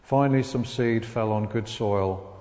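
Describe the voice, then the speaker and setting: Guy preaching a sermon, mellow dark voice, long hall reverb, acts out the story bits. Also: lowish voice, a little slow. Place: church hall.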